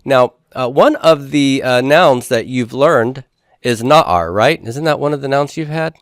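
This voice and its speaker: A man's voice: mid-range voice, a little slow, no room sound. Guy lecturing on hebrew grammar, asks the class stuff then answers it himself, medium voice, dry sound. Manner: explanatory, asks the class questions and answers them.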